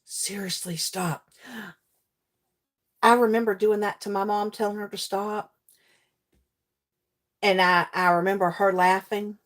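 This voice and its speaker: A middle-aged woman chatting casually with her livestream viewers while crafting. She is animated, laughs often and greets viewers by name. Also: mid-range voice, moderate pace, long pauses. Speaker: livestream host and teacher.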